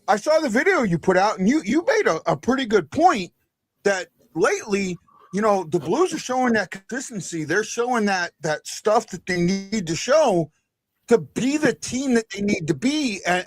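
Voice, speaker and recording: A man hosting a live fan podcast stream, enthusiastic, loud and animated, on a remote stream mic. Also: high voice, dry recording. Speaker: podcast host.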